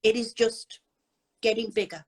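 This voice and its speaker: A woman's voice: a little high, unhurried, slightly rough, rough recording. An older woman talking casually and bluntly about scammers on a live chat. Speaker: anti-scam advocate.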